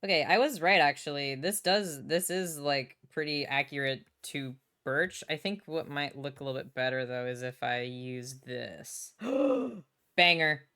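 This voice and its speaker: A woman's voice: very deep voice, steady tone, normal speed, few pauses, fairly bright tone, smooth. A young adult woman streaming casually from home, bubbly, swearing freely and reading chat aloud.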